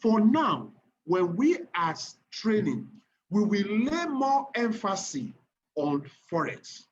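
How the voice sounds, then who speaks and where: A man with a Nigerian accent leads an online trading lesson. His voice sits high and swings widely in pitch as he repeats points and checks on his listeners. The recording is muffled and lo-fi, with faint noise underneath. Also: slow. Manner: animated, repeats phrases, keeps checking the audience. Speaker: trading instructor. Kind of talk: online class lecture.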